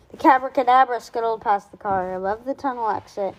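A woman reading a children's chapter book aloud in a lively way, doing voices for the characters. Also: fairly high pitch, fairly quick, muffled recording. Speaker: reader.

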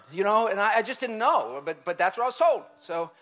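Animated conversational preaching man. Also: sits high, fast, hardly any pauses, faint music behind. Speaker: pastor. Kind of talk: sermon. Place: church.

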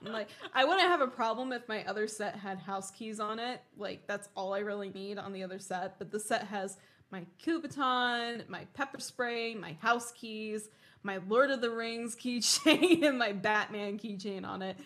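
Young female co-host, bright voice, animated and laughing, casual and profane. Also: mid-range voice, normal speed. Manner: animated storyteller, swears freely, laughs often. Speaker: podcast co-host. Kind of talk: casual chat.

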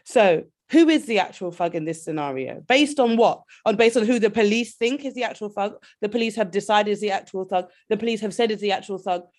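A woman's voice: medium pitch, brisk, hardly any pauses, a little mellow. Woman on a podcast, fired up, arguing back and cutting in. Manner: heated, argumentative, interrupts. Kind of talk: casual debate chat.

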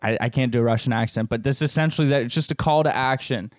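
A man's voice: medium pitch, quick pace, no echo, studio quality. A man co-hosting a podcast, joking around in casual chat and reading headlines. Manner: joking, reads headlines aloud. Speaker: podcast co-host.

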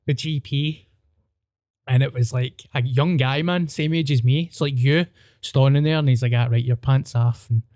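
A young man with a Scottish accent telling crude, animated anecdotes in casual podcast chat. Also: mid-range voice, normal speed, dry recording, studio quality. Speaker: comedian podcast guest.

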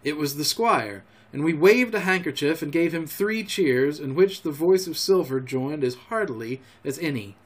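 A man narrates a classic adventure novel for his podcast, measured and expressive. His voice sits a touch high for a man. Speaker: podcast storyteller.

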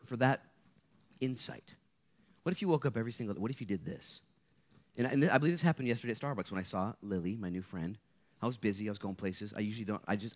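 A man, a guest speaker, preaching a lively sermon to students at a live gathering, playful and energetic, jumping from loud bursts to hushed asides. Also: fairly low pitch.

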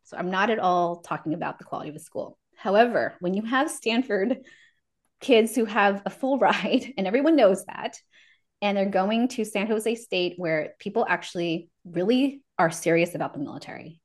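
A woman guest on a podcast telling her life story in casual conversation, acting out the voices of people she remembers and laughing often. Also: mid-range voice. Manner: lively, acts out remembered dialogue; laughs often mid-sentence.

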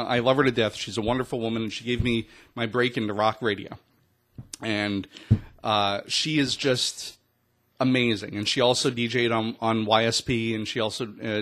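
A man's voice: on the low side, fairly bright tone. A man in his forties, a radio DJ and station owner, telling stories in a candid, self-deprecating way with many restarts in a studio interview. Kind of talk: casual interview chat.

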